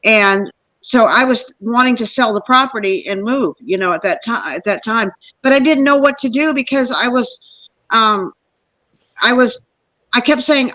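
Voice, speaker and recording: A middle-aged woman hosting a podcast, telling a personal story in a rambling, animated way and acting out the people she quotes. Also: a little high, moderate pace, no room sound, low-quality recording. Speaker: podcast host. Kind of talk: casual storytelling.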